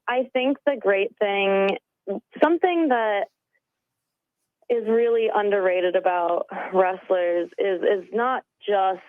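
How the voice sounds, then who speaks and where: Over a tinny phone line, a woman wrestling coach calls in as a guest on a radio interview. Her mid-range voice is upbeat and earnest and peppered with "you know" fillers. There's no room sound.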